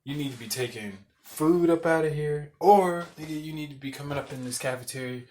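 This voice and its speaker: A man's voice: fairly high pitch, fairly quick, dark tone. A young man, a podcast host, telling a loose, profane story in casual chat and laughing as he goes. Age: young adult.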